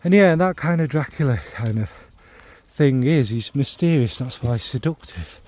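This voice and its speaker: A man's voice: mid-range voice, lively intonation, moderate pace, a little mellow. A middle-aged man from the North Midlands, chatting casually about fragrances in a rambling, self-deprecating way full of ums and asides. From North Midlands of England. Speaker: fragrance vlogger. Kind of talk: casual spoken monologue.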